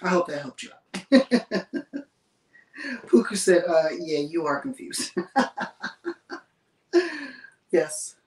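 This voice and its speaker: A chatty woman hosts a laid-back livestream, greeting viewers and reading out their comments with frequent laughter. Her voice sits at a middle pitch. It is heard in a roomy, echoing space, some distance from the mic. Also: slow, darkish tone. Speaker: livestream host. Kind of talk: casual livestream chat.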